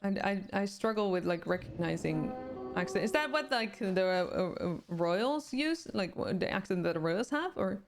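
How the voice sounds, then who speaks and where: A woman's voice: mid-range voice, lively intonation, normal speed, vocal fry, soft background music. A woman with a Swedish accent, a native Swedish speaker who streams games and chats casually, reading viewer comments aloud and answering them. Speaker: game streamer. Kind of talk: casual chat with live viewers.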